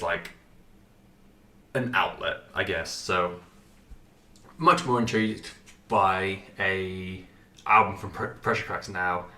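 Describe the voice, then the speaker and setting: A man's voice: on the low side, sharp tone, echoey room, distant mic. A man hosting a podcast, giving a rambling, sweary music review with lots of fillers and restarts, and a runny nose. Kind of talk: casual music review monologue.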